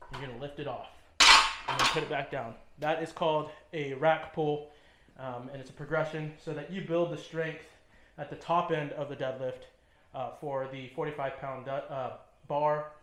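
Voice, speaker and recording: Man coaching lifts in an echoey gym. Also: fairly high pitch. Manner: talks while lifting, short coaching cues with frequent ums. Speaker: fitness trainer. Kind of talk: instructional demonstration. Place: gym, indoors.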